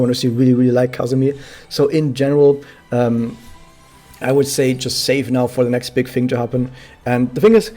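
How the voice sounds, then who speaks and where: Casually commenting on a game he's streaming, a man chats to his viewers and explains things using many fillers. His voice is mid-range and dark in tone.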